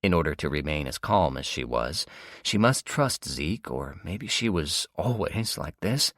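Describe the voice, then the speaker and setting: A man narrating an audiobook in steady, dramatic storytelling. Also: extremely low pitch, measured pace, no echo, clean studio sound. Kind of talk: scripted narration.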